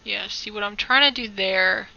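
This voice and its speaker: A woman's voice: medium pitch, moderate pace, vocal fry, pushed and bright, lo-fi sound. A woman giving a casual live-stream tutorial on digital art, rambling, joking and correcting herself as she chats with viewers. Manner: rambling, jokey, self-correcting, talks to chat.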